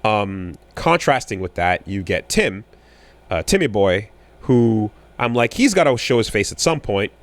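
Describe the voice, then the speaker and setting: A man in his thirties co-hosting a podcast in casual chat, rambling with many fillers and restarts, getting animated when riled. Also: lowish voice, unhurried. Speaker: podcast co-host.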